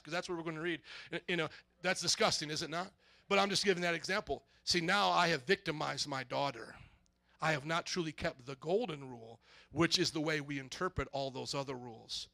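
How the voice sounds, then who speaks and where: A man pastor preaching a sermon, swinging from loud emphatic shouts to soft asides. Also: a little high, fairly quick, gravelly.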